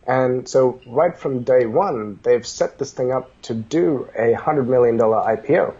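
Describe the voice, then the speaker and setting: A man telling business stories in a casual interview, animated, acting out the dialogue as he goes. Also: medium pitch, a little slow, slightly rough, highs cut off. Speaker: business guest.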